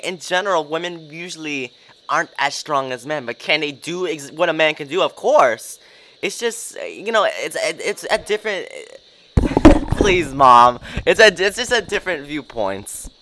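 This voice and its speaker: A man with a fairly high, bright voice hosts a loose casual chat. He rambles, hedges and circles back, filling gaps with "like" and "um." Now and then he laughs at his own words. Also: poor audio. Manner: rambling, hedging, laughs at himself. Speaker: host.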